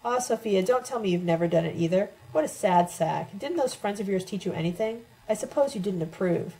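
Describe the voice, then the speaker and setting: Woman voicing a teasing older lady, playful jabs, mellow voice, storybook reading. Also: medium pitch, lively intonation, a little fast, lightly acted, rough recording.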